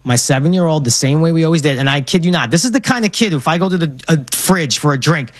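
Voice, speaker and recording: A man in his thirties from Brooklyn with a New York accent, telling stories with animated enthusiasm. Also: fairly high pitch, quick pace, dry recording. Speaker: guest. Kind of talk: casual chat.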